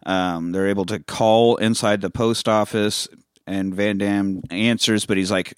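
A man hosting a podcast, recapping a film in casual chat, laughing often and breaking into loud silly voices. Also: fairly low pitch, fairly even intonation, unhurried, clear, resonant tone, no echo, clean studio sound. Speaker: podcast host.

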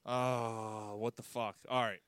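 A man's voice: on the low side, level tone, takes it slowly, fairly bright tone, clean tone, no room sound. A man hosting a casual sports podcast, swearing and rambling in exasperation. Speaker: podcast host.

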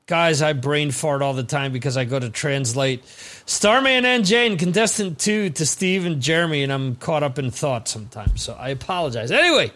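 A man's voice: fairly high pitch, a bit bright. A man hosting a live-streamed trivia quiz, reading questions and scores with chatty, rambling asides.

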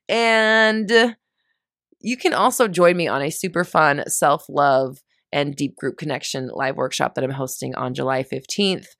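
A woman's voice: low voice, lively intonation, normal speed, fairly bright tone, dry recording, clean studio sound. A woman coaching listeners in a casual motivational monologue, chatty and self-mocking when she loses her words.

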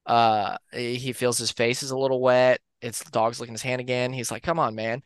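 Man, podcast co-host, rambling storyteller, smooth clear voice, dry close mic. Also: medium pitch, a little fast, no echo. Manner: relaxed, rambling with fillers and restarts. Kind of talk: casual storytelling of urban legends.

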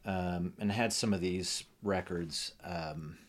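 A middle-aged man with a low, deep voice talks casually as a podcast guest. He rambles, restarting sentences and scattering fillers as he remembers. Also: steady tone, slow. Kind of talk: casual conversation about music.

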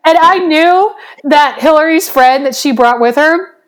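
A woman's voice: high voice, a little slow. A woman co-hosting a podcast, telling a rambling story in casual chat and often breaking into laughter. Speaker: podcast co-host.

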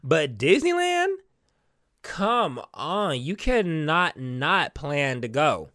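A woman's voice: deep voice, very animated, extremely slow, no room sound, studio quality. Exasperated, swearing young woman ranting. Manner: exasperated, profane, swings between loud and quiet; rhetorical questions to the audience. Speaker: vlogger. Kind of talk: casual comedic rant to camera.

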